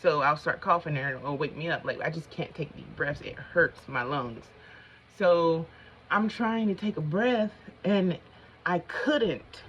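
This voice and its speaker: A woman's voice: deep voice, measured pace, a bit bright, slight background noise. A middle-aged woman chatting casually to her viewers while doing her makeup, rambling and easily sidetracked as she tells a story. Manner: chatty, colloquial, addresses viewers as y'all. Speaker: vlogger. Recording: slightly dull lo-fi sound.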